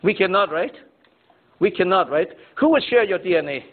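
High-voiced man teaching Bible class, tinny. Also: expressive, moderate pace. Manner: asks students questions, tags lines with "okay?" and "right?". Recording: tinny phone-like sound.

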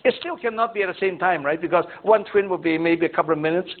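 A man's voice: sits high, quick pace. A man teaching a Bible class, quizzing his students and checking in with "okay?" and "right?" after nearly every point. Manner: asks students questions, tags lines with "okay?" and "right?". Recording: tinny phone-like sound.

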